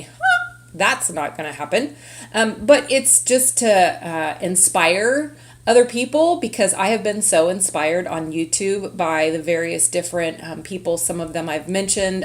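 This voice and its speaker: A middle-aged woman from California hosting her own craft vlog, talking casually in a chatty, rambling way with lots of fillers. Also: on the low side. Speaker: craft vlogger. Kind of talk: casual chat.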